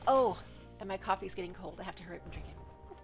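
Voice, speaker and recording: A woman's voice: fairly low pitch, animated, fast talker, soft background music. A woman game streamer chatting casually at home, rambling along with asides to her pet, her voice a little stuffed up from allergies. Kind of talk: casual chat while gaming.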